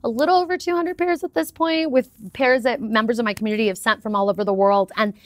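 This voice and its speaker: A woman talking as a guest in a casual interview, with upbeat and expressive storytelling. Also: on the high side, fast talker, no echo. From United States. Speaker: podcast guest.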